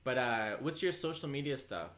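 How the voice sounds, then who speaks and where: A man's voice: medium pitch, lively intonation, normal speed, a bit bright. A young man hosting a casual comedy podcast, teasing and joking with his guest.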